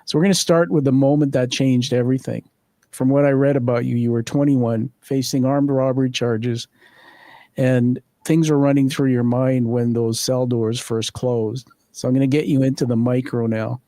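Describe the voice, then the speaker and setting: A male host opens an interview with a measured setup of his segments. His voice sounds dry, with no room around it, and sits at an average pitch. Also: steady tone, dark tone, no room sound. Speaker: podcast host. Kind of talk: structured interview introduction.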